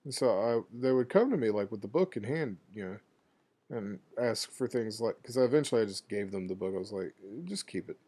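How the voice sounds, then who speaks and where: Male game streamer, lowish voice, loose and profane, casual storyteller. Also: animated, brisk, warm tone. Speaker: streamer playing a video game. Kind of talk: casual rambling anecdote over gameplay.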